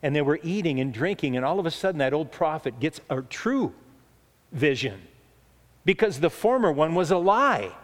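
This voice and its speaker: Male preacher, earnest sermon, slightly high voice, long hall reverb. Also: big pitch swings. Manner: earnest, emphatic, slows down for key points.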